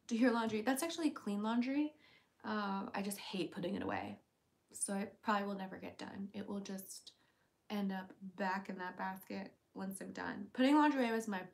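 A livestream host with a creaky, slightly mellow voice reads viewer comments aloud in a playful, chatty way. When she calls her cat, she jumps to a high baby voice.

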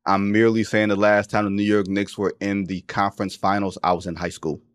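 A man's voice: lowish voice, flat delivery, fairly quick, no room sound, clean studio sound. A man in his forties hosting a casual sports podcast, emphatic and joking, slipping into slang.

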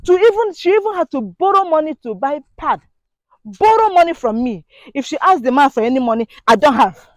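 A woman's voice: sits high, very animated, a little fast, no room sound. A woman giving an indignant, preachy monologue to her viewers, full of rhetorical questions. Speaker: vlogger. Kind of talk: impassioned monologue to camera.

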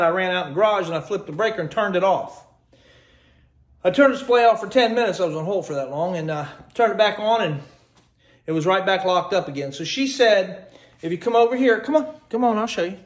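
A talkative man with a notably high voice gives a chatty, grumbling home how-to walkthrough. He holds his phone camera as he talks. The sound rings around a hard, echoey kitchen. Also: animated, a little fast. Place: indoors by a kitchen refrigerator. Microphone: handheld phone camera. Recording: echoey room.

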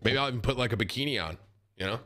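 A man's voice: medium pitch, expressive, rapid-fire, noisy background. A man streamer chatting casually and joking. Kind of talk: casual chat.

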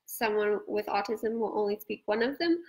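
A woman from Australia hosting a live-stream conversation, explaining ideas in a relaxed chatty way over a video call. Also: medium pitch, moderate pace, rough recording. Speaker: host.

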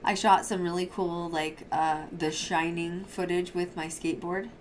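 On her laid-back paranormal podcast, a woman tells stories in a bubbly, meandering way, laughing frequently. Her voice is on the low side with little pitch movement and a normal speed, and a bit of hiss or hum runs underneath.

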